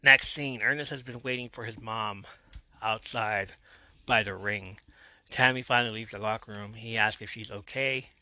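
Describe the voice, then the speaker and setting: A man's voice: fairly low pitch, steady tone, normal speed, bright, forceful tone. A man hosting a podcast, narrating a recap of a TV episode in a storytelling way and lightly playing the quotes. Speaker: podcast host.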